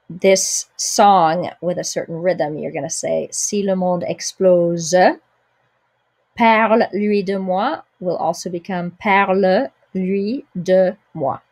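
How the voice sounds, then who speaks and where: A middle-aged woman with a fairly low voice teaches French pronunciation in English. She explains patiently and slows down to model each French word clearly. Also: darkish tone. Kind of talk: spoken language lesson.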